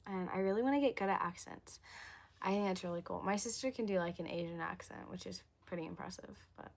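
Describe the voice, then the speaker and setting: A young woman from the States, chatting casually with viewers on a livestream, her voice hoarse from losing it. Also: mid-range voice, quick pace. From southern United States. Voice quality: chatty, addresses viewers as y'all. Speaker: livestream host.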